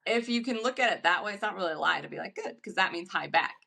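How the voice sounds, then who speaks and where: Woman, podcast co-host, casual chat, bright tone, laughs often, self-deprecating. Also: lowish voice, expressive, fast, creaky.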